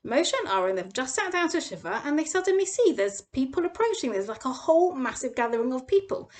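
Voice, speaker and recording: Lively, animated young woman teaching. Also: brisk. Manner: animated storytelling, acts out quoted voices with big pitch jumps. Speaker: Torah teacher. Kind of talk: expressive parsha lesson.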